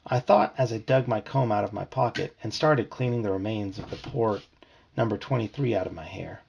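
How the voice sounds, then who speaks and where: A man's voice: fairly low pitch, fairly quick, gravelly, breathy edge, muffled recording. A man reading a children's book aloud to his family, telling it expressively. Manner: expressive storytelling.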